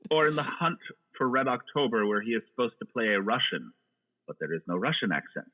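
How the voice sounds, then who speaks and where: A man's voice: mid-range voice, big pitch swings, fairly quick. A man chatting casually about movies, rambling and joking with lots of restarts. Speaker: podcast guest. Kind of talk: casual chat. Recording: tinny phone-like line.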